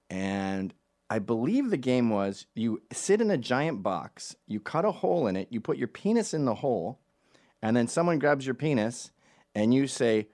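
A middle-aged man from Canada telling a funny personal story in a loose, animated way, acting out the voices of everyone in it. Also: lowish voice, normal speed. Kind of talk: comedic storytelling.

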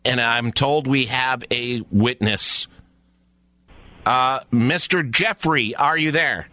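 A man's voice: medium pitch, slow pace, bright, forceful tone, no echo. A man playing an earnest TV news anchor who stumbles and keeps correcting himself. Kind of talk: comedic prank news bit.

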